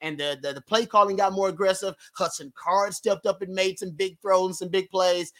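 A man calling into a postgame sports talk show, speaking with emphatic, emotional fan energy. His voice is quite high and strikingly bright and forward. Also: fairly even intonation, moderate pace. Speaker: guest analyst.

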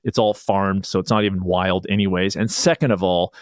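A man talking as a guest author in a casual podcast conversation, telling stories with lively restarts. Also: deep voice, fairly quick, dry recording, studio quality. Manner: animated storyteller, rambling restarts.

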